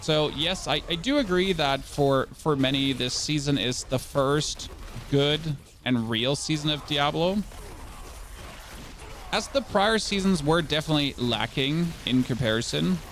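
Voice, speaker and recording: A man's voice: fairly high pitch, animated, unhurried, a bit bright, slight background noise. A man from Germany with a German accent, chatting sarcastically to his stream chat while playing a game. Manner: sarcastic, rambling, talking to chat. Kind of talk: casual live-stream chat while gaming.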